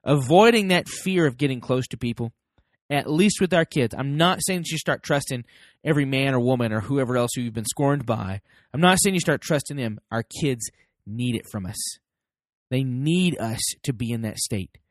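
A man's voice: medium pitch, expressive, moderate pace, no room sound, studio quality. An American man hosting a parenting podcast, giving an emphatic motivational talk to his listeners and acting out both sides of little everyday dialogues. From United States.

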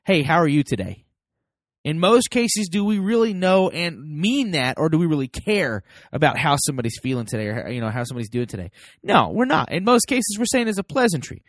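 A man's voice: a little high, very animated, brisk, no echo, studio quality. An American man hosting a parenting podcast, giving an emphatic motivational talk to his listeners and acting out both sides of little everyday dialogues. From United States.

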